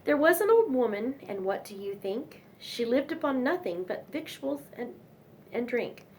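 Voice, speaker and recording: A woman's voice: sits high, big pitch swings, normal speed, slight background noise. A young woman reading nursery rhymes aloud in a sing-song manner, with chatty asides between poems.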